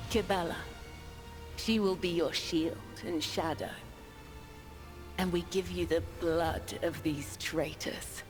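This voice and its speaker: A woman voicing the solemn leader of a devout assassin cult in a video game, speaking in slow, grave ritual pronouncements. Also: low-pitched, low-quality recording. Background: game music.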